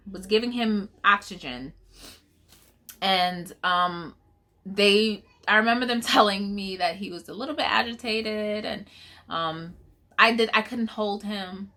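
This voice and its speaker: A young woman from New York shares a personal story in a casual vlog. Her voice is bright and forward, and she moves quickly through the events. She acts out each person's lines as she retells the conversations. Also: mid-range voice. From New York, USA. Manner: animated retelling, acting out dialogue. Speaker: mother telling her son's story.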